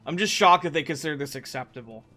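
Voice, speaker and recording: Bright-voiced young male streamer. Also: on the high side, fast talker, soft background music. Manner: rambling, profane, frequent restarts. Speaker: game streamer. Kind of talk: casual gaming stream chat.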